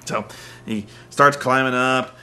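Sarcastic, bright-voiced man ranting. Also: medium pitch, steady tone, slow pace. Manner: sarcastic, ranting, mocks wrestlers with silly voices. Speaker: wrestling recap host. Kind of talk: casual comedic recap.

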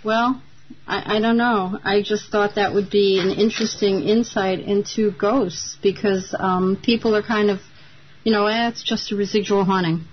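A woman calling into a radio show, speaking earnestly and quickly. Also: mid-range voice, fairly even intonation, a little hiss or hum. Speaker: caller. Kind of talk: phone-in chat. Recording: muffled phone-in audio.

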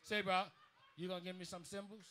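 A man's voice: high-pitched, level tone, brisk, noisy background. A New man, a drummer and bandleader, telling a profane, rambling story from the stage of a live music bar. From New Orleans. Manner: profane, rambling, lots of restarts. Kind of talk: onstage storytelling speech.

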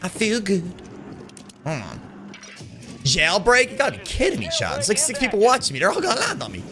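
A British man streaming a shooter game live, excitable and taunting, yelling and laughing as he plays. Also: sits high, brisk, noisy background. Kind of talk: live gameplay commentary.

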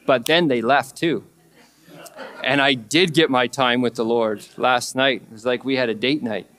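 A pastor preaching a sermon, excitable, laughing often and lifting his voice when he acts out prayers. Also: mid-range voice, a little slow, long pauses.

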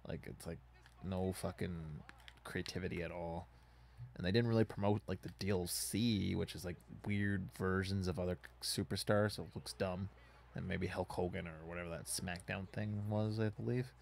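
A man's voice: sits low, fairly even intonation, moderate pace, vocal fry, a little mellow, a little hiss or hum. A man casually commenting on a wrestling video game as he plays, rambling and swearing in frustration at it. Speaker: gaming YouTuber.

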